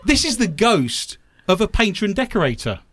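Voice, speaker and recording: A man's voice: high-pitched, very animated, normal speed, very noisy. A man hosting a comic radio show, reading odd news stories with sarcastic asides. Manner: joking, sarcastic asides, laughs often.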